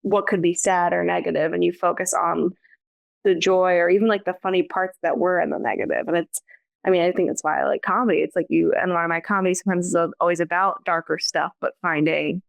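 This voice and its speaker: A woman's voice: fairly low pitch, steady tone, fast, vocal fry, dry recording. A woman co-hosting a podcast, chatting in a casual, thoughtful and agreeable way. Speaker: podcast co-host. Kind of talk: casual chat.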